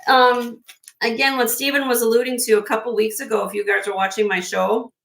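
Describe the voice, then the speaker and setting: A woman's voice: a little high, fairly even intonation, a little fast, a bit bright, poor audio. A woman with a Midwestern accent hosting a live-stream jewelry sale, chatty and effusive as she shows off each piece. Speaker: host selling vintage jewelry on a live stream. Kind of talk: live-stream sales chat.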